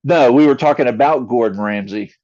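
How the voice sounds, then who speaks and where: A man, once a DJ, chatting casually as a podcast guest, halting with many restarts. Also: mid-range voice, darkish tone, highs cut off. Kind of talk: casual chat.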